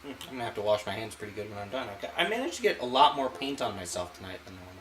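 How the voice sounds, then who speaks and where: Relaxed man talking through a painting. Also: fairly low pitch, racing, echoey room, slight background noise, rough recording. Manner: relaxed, thinks aloud while painting. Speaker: art channel host. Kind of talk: painting demonstration. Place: home art studio.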